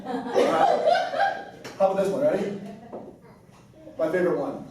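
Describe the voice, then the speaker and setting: A man's voice: sits high, wildly swooping pitch, a little slow, long pauses, darkish tone, slight background noise. A man leading a workshop group, teasing and laughing as he talks. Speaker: workshop leader. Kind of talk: playful group workshop talk. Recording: echoey room from far off with a crowd.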